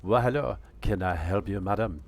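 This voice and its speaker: A man's voice: low voice, moderate pace, gravelly, a little hiss or hum. A man putting on a fussy, overly polite shoe salesman in a comedy storybook reading. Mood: mock-polite. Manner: theatrical, mock-formal.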